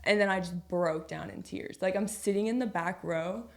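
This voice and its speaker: A young adult woman talking as a podcast guest, telling her personal faith story in a casual, chatty way, full of "like" and quick laughs. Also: on the low side, gravelly. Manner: chatty, filler-heavy with frequent "like"; laughs easily mid-story.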